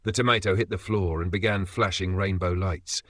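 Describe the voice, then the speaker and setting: A man giving brisk, dry scripted comic narration. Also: low-pitched, steady tone, fairly bright tone, dry recording.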